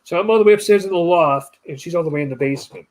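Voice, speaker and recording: A young adult man hosts a casual podcast chat, telling stories and animatedly mimicking voices. His voice is fairly high-pitched and his delivery rapid-fire.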